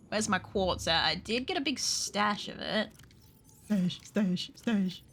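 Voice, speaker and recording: A woman's voice: medium pitch, expressive, unhurried, a bit bright. A woman streaming a video game, chatting casually with viewers, swearing freely and laughing often. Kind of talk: casual gameplay stream chat.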